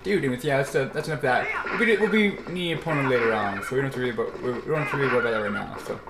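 A man's voice: mid-range voice, rapid-fire, creaky, very noisy. Rambling young man commentating gameplay. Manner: rambling, chatty, self-correcting. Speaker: let's play gamer. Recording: roomy echo.

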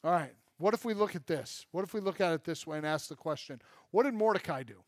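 Male pastor, higher-pitched, animated and self-deprecating, dry close sound. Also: fast talker, dry recording. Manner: animated, self-deprecating humor, rhetorical questions. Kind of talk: sermon. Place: church.

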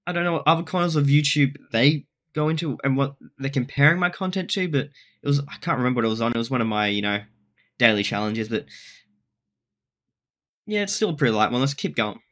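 An Australian YouTuber offers casual vlog commentary, rambling and self-deprecating, often restarting his sentences. His mid-range voice is animated and fairly bright, and he talks fast.

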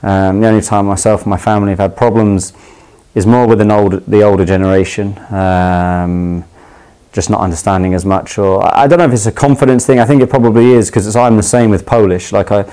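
A young man from London talks in a low, mellow voice with a clear London accent. He explains slang in a loose, chatty way, stumbling over restarts and fillers and laughing easily as he goes. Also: fairly even intonation, brisk, rough recording. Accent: London English. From England. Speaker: footballer. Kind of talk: casual explanation of slang to camera.

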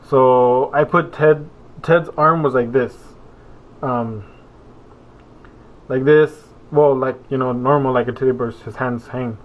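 A man's voice: medium pitch, steady tone, slow, pauses often. A young man chats loosely to his viewers, wandering between topics with plenty of ums and restarts. His voice sits in an ordinary middle register. The sound is narrow and tinny, as though it came down a phone line. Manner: meandering, full of fillers and self-corrections. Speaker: vlogger. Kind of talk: rambling casual vlog.

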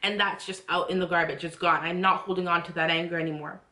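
A woman's voice: fairly low pitch, fairly even intonation, quick pace, pushed and bright. A young woman talking earnestly and casually about faith, often restarting and rising into heartfelt prayers. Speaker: faith vlogger. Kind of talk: casual faith talk to camera. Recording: echoey room.

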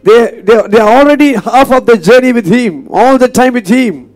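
A male pastor preaches in a fairly high voice. He is earnest and repetitive, often turning to the congregation with questions. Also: expressive, normal speed, darkish tone, faint music behind. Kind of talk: sermon.

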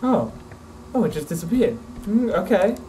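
Playing a horror game for his let's play, a man with a high, warm voice speaks at normal speed with big swings in pitch. He swears, jumps at scares, and chats with his companion via a desk mic and face cam. The audio is poor, with slight background noise.

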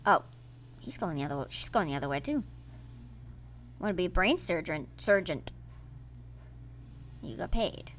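A woman hosting her gaming channel, giving casual let's-play commentary in an excitable, playfully grumbling way. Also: on the low side, normal speed, long pauses, slight background noise.

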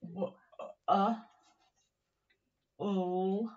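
A woman teaching young children a phonics lesson, speaking in a slow, encouraging, sing-song way and sounding out words. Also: medium pitch, fairly even intonation, darkish tone. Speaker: primary teacher. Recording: dull, slightly distant recording.

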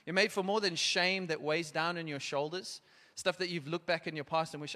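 A man preaching a sermon and leading an altar call, urgent and exhorting, at times dropping to a hushed, prayerful tone. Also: on the high side, fairly even intonation, brisk. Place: church hall. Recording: long church hall reverb.

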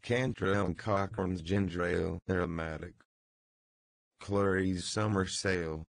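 A man narrating a literary novel as an audiobook, reading in a measured, even way. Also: deep voice, gravelly, no room sound.

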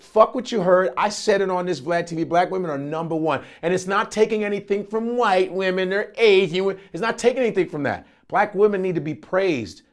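A man, a comedian being interviewed, talking in an animated, emphatic way with plenty of profanity. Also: high-pitched. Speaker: comedian guest. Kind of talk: casual interview talk.

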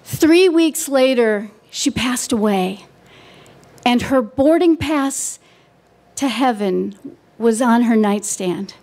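A middle-aged woman telling a personal story on stage at a live event, warm and wry with dry humor. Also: fairly high pitch, animated, slow pace.

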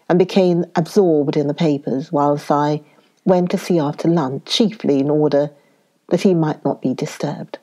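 A woman narrating a classic story in the first person for an audiobook, in a calm, measured reading. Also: low-pitched.

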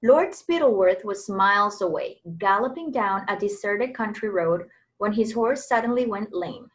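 A woman reading a children's novel aloud, expressive in her storytelling. She is a preschool teacher acting as a guest reader. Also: medium pitch, moderate pace, rough recording.

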